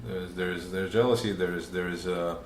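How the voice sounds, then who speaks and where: Guy teaching a religious class live, lowish voice, lots of restarts, echoey room. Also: fairly even intonation, a little fast, a little hiss or hum. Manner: earnest, repetitive restarts, acts out inner voices. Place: room with a small group. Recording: roomy live recording.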